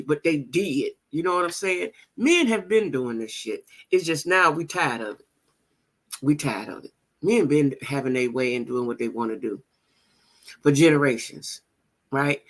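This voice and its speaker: A woman's voice: low-pitched, fairly bright tone. A woman hosting a gossip show, chatting casually and directly to her viewers, repeating phrases for emphasis. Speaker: host of a gossip channel.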